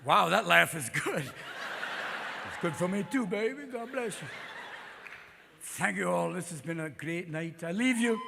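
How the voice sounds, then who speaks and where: A man performing live stand-up comedy with manic energy, jumping between voices and bursts of shouting. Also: high-pitched, expressive, measured pace, creaky, long pauses. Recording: live hall reverb, crowd noise. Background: audience laughter.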